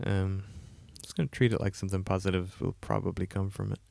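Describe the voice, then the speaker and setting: An indie game developer livestreams his coding, talking it through casually in a low, gravelly, darker-than-usual voice that's croaky from a coming cold, with yawns. He's brisk and level, rambling with fillers and self-deprecating asides, recorded dry and close with no room sound.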